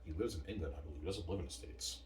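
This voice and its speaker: A man's voice: low voice, racing, a little mellow, a little hiss or hum. A man in a casual, rambling monologue, boastful and repetitive, recorded from a distance in a roomy space. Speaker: vlogger.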